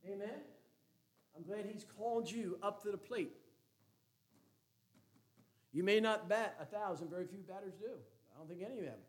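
A man's voice: high voice, moderate pace, long pauses. A man preaching a sermon as a Baptist pastor, folksy and joking, then emphatic.

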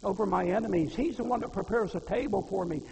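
Gravelly high-voiced preacher in a hall. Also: male voice, quick pace, darkish tone, a little hiss or hum. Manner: folksy, rhetorical questions, quotes scripture. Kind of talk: sermon. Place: church hall. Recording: reverberant hall.

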